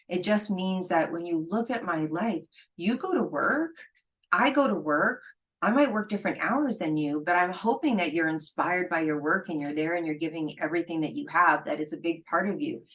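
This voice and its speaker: A woman's voice: fairly low pitch, moderate pace, few pauses, a bit bright, poor audio. A middle-aged woman hosting a solo podcast, talking candidly and conversationally, sometimes acting out what her friends said. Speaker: podcast host.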